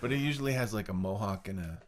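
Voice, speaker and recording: A man's voice: on the low side, animated, fast, a crowd in the background. Guy cohosting a podcast, teasing and joking around, voice bounces all over the place. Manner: teasing, playful, tries silly accents. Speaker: podcast co-host. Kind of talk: casual chat.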